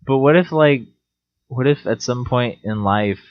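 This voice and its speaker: A man's voice: measured pace, no echo. Rambling young man, lo-fi podcast. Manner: rambling, joking, jumps into high silly voices. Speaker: podcast co-host. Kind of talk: casual chat. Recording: slightly dull lo-fi sound.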